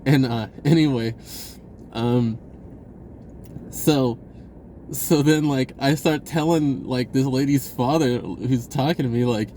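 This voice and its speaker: A man's voice: medium pitch, takes it slowly, pauses often, warm tone, a little hiss or hum. A man telling a personal story in a casual, rambling way, laughing often and acting out the voices of people in it. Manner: acts out voices in his retelling.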